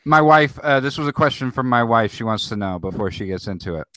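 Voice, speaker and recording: A man's voice: mid-range voice, animated, brisk, fairly bright tone, no room sound. A man co-hosting a podcast, skeptically ribbing the storyteller and asking questions. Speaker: podcast co-host. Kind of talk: casual chat.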